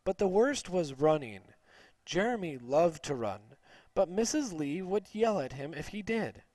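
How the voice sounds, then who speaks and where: A man reading a children's story aloud slowly and clearly for English learners. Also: on the high side, dry recording. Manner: slow, clear, expressive.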